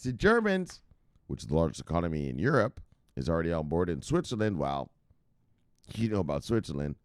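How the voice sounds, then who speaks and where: A man's voice: very deep voice, animated, quick pace, darkish tone, no echo, clean studio sound. A man hosting a crypto news show in casual, profane commentary, brash and laughing at his own jokes. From United States.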